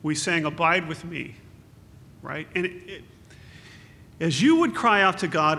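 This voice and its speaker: A man's voice: on the high side, lively intonation, a little slow, pauses often, sharp tone. A man giving an earnest, consoling memorial sermon as pastor, quoting scripture. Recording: echoey hall with faint hum.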